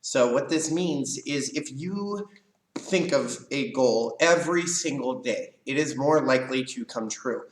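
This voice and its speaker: A man's voice: mid-range voice, animated, slight background noise. A man instructor explaining a lesson to kids in a karate class, often checking in with "right?". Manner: explains slowly with many "right?" check-ins. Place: karate studio, indoors. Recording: echoey room from a distance.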